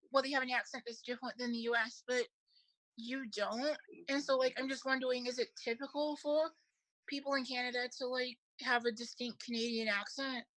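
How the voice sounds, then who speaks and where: A woman from Michigan asks questions in relaxed podcast talk, chatty and quick to laugh. Her voice sits high. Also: low-quality recording. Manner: curious, chatty, laughs easily. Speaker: podcast co-host. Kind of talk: casual chat.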